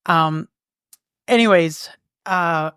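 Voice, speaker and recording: A Canadian woman co-hosting a podcast and telling a farm story in loose casual chat. Her voice is smooth and clear, and it is recorded dry and close with little room sound. She rambles along with plenty of ums, uhs and restarts. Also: on the low side, very slow, a bit bright, no echo. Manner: rambling, lots of fillers and restarts. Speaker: podcast co-host. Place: local museum.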